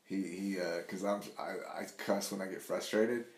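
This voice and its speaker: As a podcast guest in casual conversation, a man rambles on, swears heavily, and says "like" constantly. He has a deep, steady voice at a moderate pace, recorded in an echoey room.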